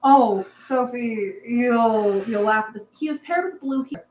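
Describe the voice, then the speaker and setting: A woman's voice: fairly high pitch, normal speed, muffled recording. A young woman hosting a casual livestream, rambling and chatty, with plenty of "um"s and asides to her viewers. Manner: rambling, chatty, lots of "um"s, laughs with the chat. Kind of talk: casual live chat. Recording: echoey room with faint background hum.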